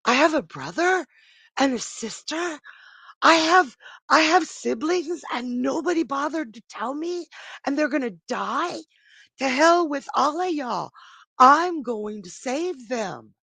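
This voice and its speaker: A storyteller voicing a brave young male golden ram from a myth, excited and defiant, in a much higher voice. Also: slow, gravelly, no echo, exaggerated voice. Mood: shocked, defiant.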